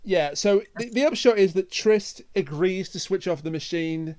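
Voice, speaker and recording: A man's voice: high voice, normal speed, a little mellow. A man hosting a podcast, reviewing an episode with enthusiastic, mock-indignant banter. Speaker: podcast host. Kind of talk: casual chat, episode review.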